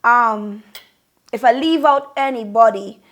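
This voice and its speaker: A young Trinidadian woman giving effusive, sing-song shout-outs to her viewers in a casual vlog. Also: fairly high pitch, takes it slowly. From Trinidad and Tobago. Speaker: vlogger.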